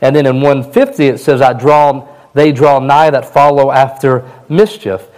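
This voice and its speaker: Slightly hoarse man preaching. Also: mid-range voice, fairly even intonation, moderate pace, a little mellow, rough recording. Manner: plain, conversational preaching with fillers. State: a little hoarse. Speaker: pastor. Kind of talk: sermon.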